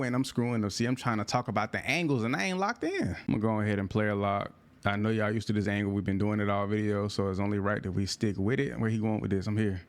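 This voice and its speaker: A man giving casual, slangy gameplay commentary, reacting loudly to plays, his voice going in and out. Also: fairly low pitch. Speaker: gaming YouTuber.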